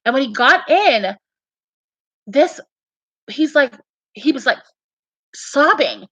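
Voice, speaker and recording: A woman's voice: high voice, big pitch swings, slow, fairly bright tone, no room sound, poor audio. A woman talking earnestly and emphatically, repeating herself and restarting her sentences as she shares her beliefs and dreams. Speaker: fan sharing beliefs and dreams. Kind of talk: casual earnest talk.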